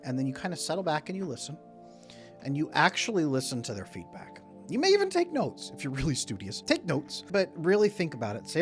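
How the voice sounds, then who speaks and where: A man's voice: on the high side, very animated, fast, faint music behind. A man speaking as a relationship coach, talking to camera and acting out both partners in short mock dialogues. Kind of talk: solo talk to camera.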